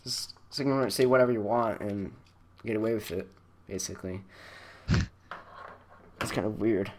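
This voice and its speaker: A man's voice: on the low side, moderate pace, slight background noise. A teenage male podcast co-host telling school stories in a loose, rambling way, laughing often and full of restarts and fillers, speaking over an online call. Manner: laughs a lot, rambling, many likes and restarts. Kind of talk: casual storytelling chat. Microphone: online call microphone.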